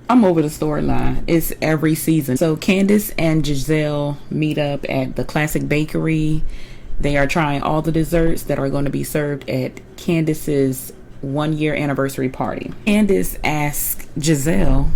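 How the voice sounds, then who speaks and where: A young woman with a notably low voice recaps a reality show in a loose, chatty way. She is opinionated and slangy, and a faint hiss sits under her voice. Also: normal speed, vocal fry, a little mellow, low-quality recording. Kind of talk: casual episode recap.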